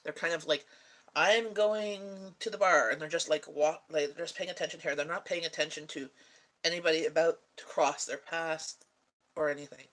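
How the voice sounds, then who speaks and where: A woman's voice: low voice, level tone, fairly quick, low-quality recording. A woman vlogger chatting casually with viewers, rambling and laughing often. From Canada. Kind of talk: casual chat answering viewers.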